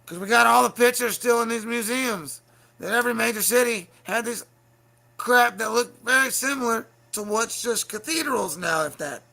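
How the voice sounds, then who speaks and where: A man hosting a livestream, delivering a heated, profane solo rant that keeps breaking into shouting. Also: very high-pitched, normal speed, gravelly. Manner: angry, profane, bursts into shouting. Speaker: livestream show host.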